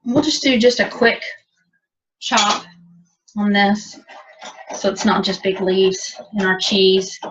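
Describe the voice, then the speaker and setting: A woman's voice: medium pitch, takes it slowly, pauses often, background noise. A woman teaching a cooking demonstration, chatty and explaining step by step. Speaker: cooking instructor. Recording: dull lo-fi audio from a distance.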